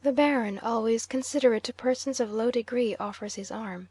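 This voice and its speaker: A woman narrating an audiobook in a measured way, sometimes dropping almost to a whisper. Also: on the high side, darkish tone, breathy edge, no room sound. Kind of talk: scripted narration.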